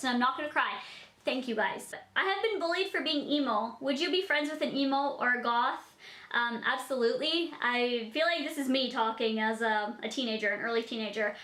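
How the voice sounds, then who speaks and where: High, bright, giggly young woman vlogger. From Canada. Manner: chatty and giggly, with lots of fillers. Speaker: vlogger answering viewer questions. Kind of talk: casual Q&A vlog. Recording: echoey room.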